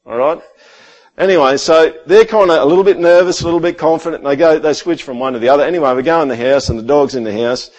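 A man in his thirties preaching a sermon in a church hall, animated and joking, acting out stories with sudden jumps in voice. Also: fairly high pitch, quick pace. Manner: animated, jokey, acts out his son's lines. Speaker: pastor.

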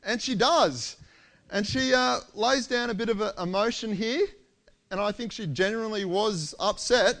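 Male preacher, high voice, animated storyteller acting out the characters. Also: moderate pace. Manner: animated storytelling, acts out quoted lines. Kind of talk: sermon.

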